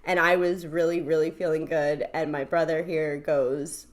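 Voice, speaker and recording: A woman in her thirties hosting a podcast in casual chat, telling animated stories that she breaks up with laughter. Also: deep voice, moderate pace, few pauses. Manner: laughs often, animated storytelling with put-on voices. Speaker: podcast host.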